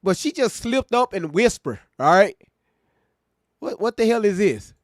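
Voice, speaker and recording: A man hosting a live stream, reacting to clips with loud, profane commentary that swings between shouted asides and low, disbelieving mutters. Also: very animated, measured pace, no echo, clean studio sound.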